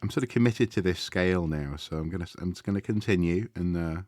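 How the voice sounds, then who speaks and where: A man chatting casually to viewers as he draws on a live stream, relaxed and thinking aloud, often trailing off mid-sentence. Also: deep voice, fast talker, no echo, studio quality. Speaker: art streamer. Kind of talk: casual chat while drawing live.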